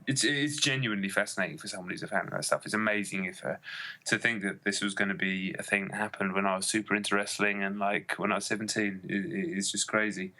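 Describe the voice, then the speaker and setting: A man's voice: sits low, sharp tone. A man co-hosting a podcast, chatting casually and enthusiastically with many fillers. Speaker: podcast co-host. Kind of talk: casual chat.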